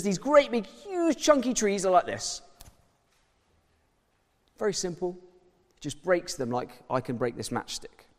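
A man preaching a sermon with an animated, swooping delivery and a fairly high voice. He talks in a casual, conversational way. His voice rings out with a long reverb, as in a church hall. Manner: lively, conversational, uses props and slides.

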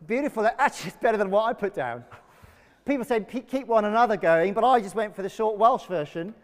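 High-voiced pastor in a reverberant church. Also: male voice, quick pace. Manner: energetic, leads congregation call-and-response. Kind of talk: sermon. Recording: long reverb of a church hall.

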